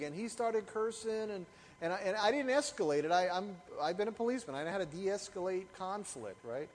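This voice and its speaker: A man's voice: sits high, sing-song, brisk, long reverb tail, a little hiss or hum, rough recording. A middle-aged male pastor preaching a sermon, telling stories with animation and asking the congregation rhetorical questions.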